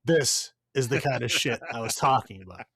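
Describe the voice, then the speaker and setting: A man's voice: medium pitch, moderate pace, fairly bright tone. A man co-hosting a podcast, giving a blunt, profane, rambling movie review with lots of fillers. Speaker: podcast co-host. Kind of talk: casual movie review chat.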